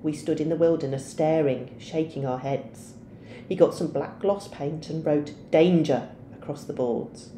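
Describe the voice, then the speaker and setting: Low, mellow woman reading a story aloud. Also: steady tone, moderate pace, reverberant, a little hiss or hum. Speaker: teacher.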